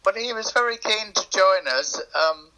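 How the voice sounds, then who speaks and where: A man in his seventies with a soft English accent, answering interview questions in a polite, soft-spoken way over a remote call. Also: high voice, animated, moderate pace, rough recording. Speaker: guest musician.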